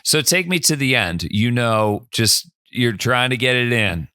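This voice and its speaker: Male host, bright and smooth; short prompts that keep a guest's story moving. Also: medium pitch, lively intonation, measured pace. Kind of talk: casual interview.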